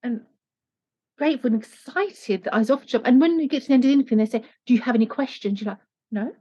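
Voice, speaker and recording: A woman life coach talking earnestly in an interview, turning animated when she acts out what people say. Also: a little high, racing, husky. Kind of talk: conversational interview. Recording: dull lo-fi sound.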